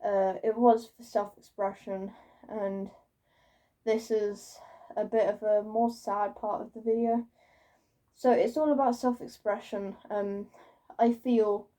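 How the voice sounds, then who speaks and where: A woman's voice: mid-range voice, dark tone. A young woman vlogging in a casual, rambling way, swearing freely and joking about herself. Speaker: YouTuber. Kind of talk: casual vlog monologue. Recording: voice a bit far from the mic.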